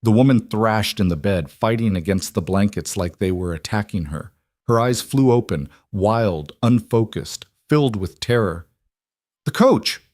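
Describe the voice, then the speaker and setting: A man with a low voice narrates a dramatic western tale, measured and brooding. The sound is dry and close, with no room echo. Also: darkish tone.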